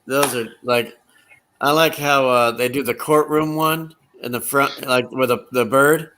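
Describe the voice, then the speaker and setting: A man's voice: mid-range voice, measured pace. A man in casual chat, animatedly retelling comedy scenes with lots of fillers and rambling asides. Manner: animated storyteller, acts out quotes from comedy scenes; loose, rambling with many fillers. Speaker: conversation partner.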